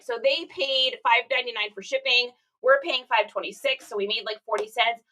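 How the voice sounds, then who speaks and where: A woman's voice: medium pitch, a bit bright, rough recording. A woman chatting casually on a livestream while packing orders, reading viewer comments aloud and laughing often. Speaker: reseller streaming live.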